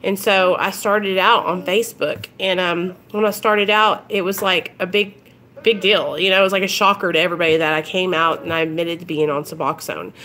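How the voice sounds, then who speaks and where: A woman's voice: fairly low pitch, fairly even intonation, a little fast, sharp tone. A woman talking casually to her viewers on a livestream, earnest and rambling with plenty of ums and you-knows. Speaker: recovery vlogger.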